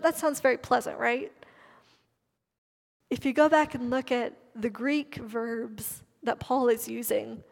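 Woman preacher, slightly high, emphatic sermon, long hall reverb. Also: gravelly. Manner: emphatic, stresses key words with slowed delivery.

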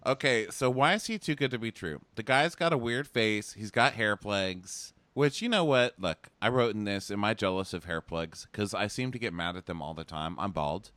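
A man co-hosting a casual comedic recap chat, talking in an animated, mocking way and jumping into squeaky impressions. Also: moderate pace, hardly any pauses, no echo. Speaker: podcast co-host.

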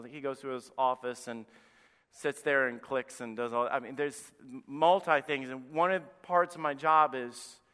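Impassioned high-voiced preacher in a reverberant hall. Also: male voice. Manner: impassioned preaching, swings from loud to hushed. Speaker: pastor. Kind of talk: sermon.

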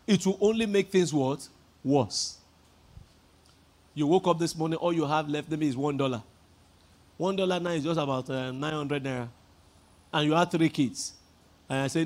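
A man with a Nigerian accent preaching a sermon as pastor, emphatic, leading the congregation in repeating lines and rising to shouts. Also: on the high side, brisk.

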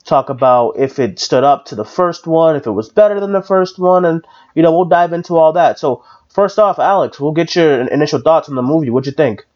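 A man's voice: a little high, fairly quick, few pauses, a little mellow. Casual male podcast host, dull lo-fi sound. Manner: rambling, with many fillers and restarts. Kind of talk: casual chat.

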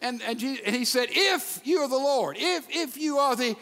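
A man preaching a sermon, acting out the quoted lines and sometimes dropping to a hushed voice. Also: extremely high pitch, moderate pace, gravelly. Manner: animated, acts out quotes, drops to hushed tones. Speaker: pastor. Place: church sanctuary. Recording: long reverb of a large hall.

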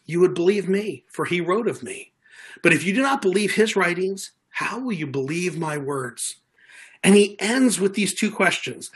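A man preaching a sermon in an earnest, conversational way, often circling back over his words. His voice sits a little high for a man and has a husky edge. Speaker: pastor.

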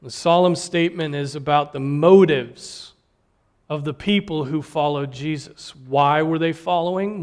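Male preacher mid-sermon, earnest and emphatic, slightly higher voice, stumbles and restarts. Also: darkish tone. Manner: earnest, emphatic, with repeated restarts and rhetorical "right?".

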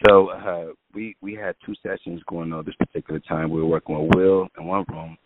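Man, low voice, casual storytelling, acts out quotes, tinny line. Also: a little fast, no room sound. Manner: animated storyteller, acts out quotes, lots of fillers. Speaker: music producer guest.

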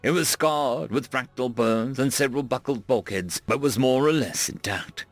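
A man's voice: mid-range voice, moderate pace, dry recording, soft background music. A man narrating a sci-fi story in a casual, offhand way. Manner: casual, fillers between voices.

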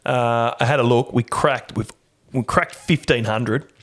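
An Australian man hosting a podcast, chatting loosely and laughing easily. His voice sits at a middling pitch, and he talks in relaxed, rambling bursts with plenty of restarts. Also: unhurried. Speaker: podcast host. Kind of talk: casual chat.

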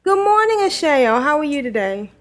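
A woman hosting a casual chat podcast, talking chattily, giggling and pausing on fillers. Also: sits high, very animated. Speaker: podcast host.

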